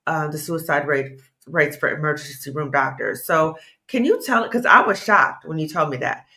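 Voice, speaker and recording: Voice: medium pitch, pushed and bright. An interview host who asks questions with an empathetic, affirming manner.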